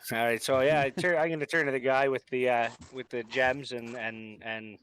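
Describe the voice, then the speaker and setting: A man's voice: mid-range voice, fairly even intonation, moderate pace, fairly bright tone, a little hiss or hum, poor audio. A man playing a tabletop game in an easygoing way, talking things through with the group. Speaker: player.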